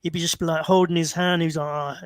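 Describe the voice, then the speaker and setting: Male call-in host, high-pitched, close dry mic, loose storytelling. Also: flat delivery, fairly quick, dry recording. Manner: rambling, many fillers and restarts. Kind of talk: casual storytelling.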